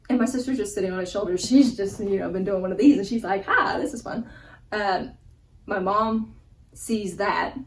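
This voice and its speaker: A young woman vlogger telling a funny personal story in a casual, animated way, laughing as she goes. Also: mid-range voice, recorded from a distance, a little hiss or hum, low-quality recording. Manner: animated, laughing, acts out gestures. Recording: voice a bit off-mic with faint background ambience.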